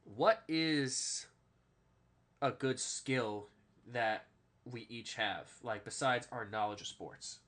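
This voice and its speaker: Bright-voiced rambling podcast host. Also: male voice, mid-range voice, slow. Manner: rambling storyteller, keeps adding "all right?", swears freely. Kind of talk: casual sports podcast chat.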